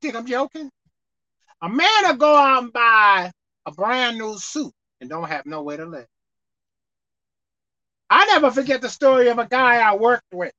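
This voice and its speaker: A woman's voice: fairly high pitch, lively intonation, measured pace, long pauses, sharp tone, no room sound. A woman preaching a sermon. She calls out to her listeners and acts out pleading prayers. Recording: muffled lo-fi recording.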